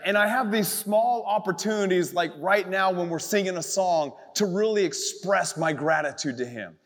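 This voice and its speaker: A man preaching a live youth sermon, animated and conversational, full of asides, to an audience in a church. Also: high-pitched, moderate pace, big-room sound. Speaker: youth pastor.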